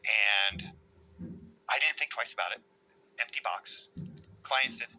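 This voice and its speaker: A man's voice: medium pitch, takes it slowly, sharp tone, muffled recording, a little hiss or hum. A man leading a casual work call, rambling and muttering to himself as he works. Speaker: meeting lead.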